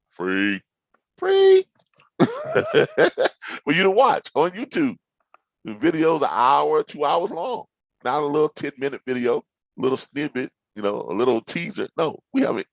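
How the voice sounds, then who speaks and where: A man teaching trucking logistics as he clicks through listings. His pitch leaps up and down as he jokes and teases his viewers. The mic is close and dry, with no room sound. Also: creaky, dry recording, low-quality recording. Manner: animated, playfully dramatic, teasing asides. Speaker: logistics trainer. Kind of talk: screen-share tutorial talk.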